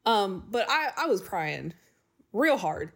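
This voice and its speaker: A woman's voice: mid-range voice, sing-song, takes it slowly, fairly bright tone. A woman in her early twenties co-hosting a podcast, chatting casually, laughing and swearing freely. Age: 20s. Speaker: podcast co-host. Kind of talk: casual chat.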